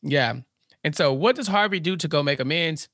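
Woman, podcast co-host, animated, acts out characters, lively pitch. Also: normal speed, no room sound, clean studio sound. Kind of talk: casual episode recap chat.

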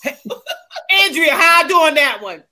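A woman co-hosting a chat podcast, talking in a blunt, profane and animated way. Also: high voice, unhurried. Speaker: podcast co-host. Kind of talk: casual chat.

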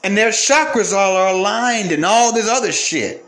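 A man's voice: high-pitched, moderate pace, fairly bright tone, echoey room. A man hosting a podcast, delivering an angry, profane rant and repeating phrases for emphasis. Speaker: podcast host. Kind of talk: heated ranting monologue.

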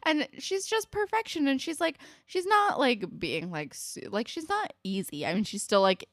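A young woman co-hosting a casual recap podcast, animated and peppered with "like" and swearing. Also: high-pitched, moderate pace, dry recording, clean studio sound. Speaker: podcast co-host.

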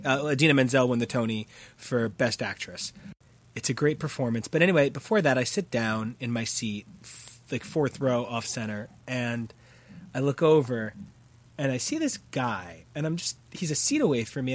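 A man co-hosting a podcast, telling a story in an animated, excitable casual chat. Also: mid-range voice. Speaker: podcast co-host.

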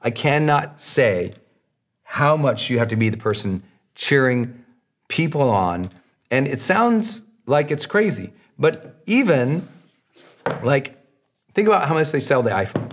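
A man hosting a podcast, answering listener questions with an emphatic, repetitive coaching delivery that rises and drops in pitch. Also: sing-song, unhurried, pauses often. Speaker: podcast host, marketing coach.

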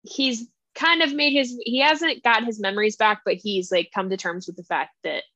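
High-voiced chatty young woman. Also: normal speed, no room sound, dull audio. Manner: animated, full of asides and acted-out quotes. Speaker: podcast co-host. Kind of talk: casual chat about books.

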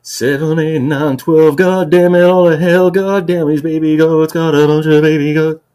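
A man's voice: a little high, fairly even intonation, moderate pace, warm tone, pitched above the performer's own voice, natural voice. A man singing a comic song in an impression of a swaggering 1950s rock-and-roll crooner, a little off-key. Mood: crooning. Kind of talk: sung impression of a famous singer.

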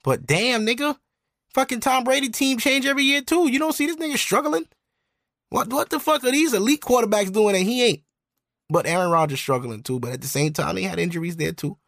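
Brief: podcast co-host, male, gravelly, dry close mic, animated profane sports talk. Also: high voice, fairly quick, no echo. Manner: animated, profane, mimics athletes' interview voices. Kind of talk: casual sports banter.

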